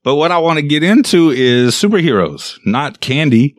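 A man's voice: on the high side, big pitch swings, moderate pace, dry recording. A man hosting a casual chat with friends, laughing often and pulling the talk back on topic.

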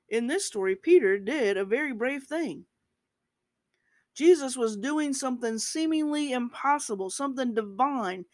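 A woman's voice: a little high, no echo. A woman preacher giving a conversational podcast sermon, reading scripture and reflecting on it, with rising emphasis at key points.

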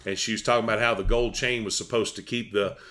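A man's voice: on the low side, fairly even intonation, fast, fairly bright tone. A man hosting a podcast, telling stories and jokes in casual chat. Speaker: podcast host.

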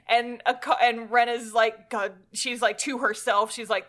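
Bright-voiced woman recapping a show. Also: on the high side, a little slow, hardly any pauses. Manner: animated storyteller who acts out characters' lines; swears casually. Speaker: podcast co-host. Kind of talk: casual chat recapping an anime.

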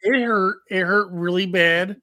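A man co-hosting a podcast, telling a rambling, profane story in a casual, animated way. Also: high voice, a little slow, no echo, studio quality. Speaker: podcast co-host.

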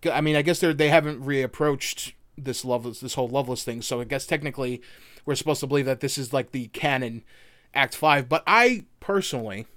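A man's voice: medium pitch, brisk, fairly bright tone, no room sound. A young man co-hosting a podcast in loose casual chat, rambling with restarts and fillers. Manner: rambling, lots of restarts and fillers, laughs often. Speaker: podcast co-host.

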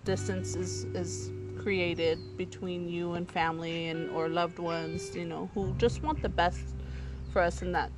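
A man's voice: sits high, fairly even intonation, measured pace, music in the background. A man hosting a conversation, affirming his guest and reflecting on relapse and family. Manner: affirming, frequent backchannels and laughs. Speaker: podcast host. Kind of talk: supportive conversational interview.

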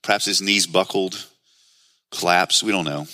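Bright, earnest preaching man. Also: deep voice, fairly even intonation, moderate pace, dry recording. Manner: earnest, conversational preaching with rhetorical questions. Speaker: pastor. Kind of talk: sermon.

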